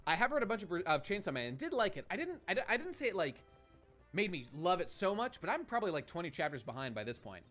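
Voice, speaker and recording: A man's voice: high-pitched, big pitch swings, fast, fairly bright tone, faint music behind. A man streaming a game and chatting with his viewers in a rambling, profane way, often restarting his sentences. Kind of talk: casual live-stream commentary.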